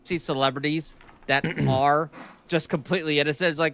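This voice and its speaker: A man giving his opinions in casual talk, stumbling over and repeating his words and often clearing his throat. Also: fairly high pitch, fairly even intonation, brisk, a bit bright.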